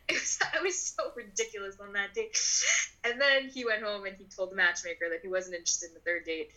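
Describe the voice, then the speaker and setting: A woman in her twenties telling a personal story in an interview, animated and full of "like", acting out the voices of people in her story. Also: medium pitch, fairly quick, rough recording. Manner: animated, acts out voices in quotes; filler-heavy, frequent "like". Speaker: guest.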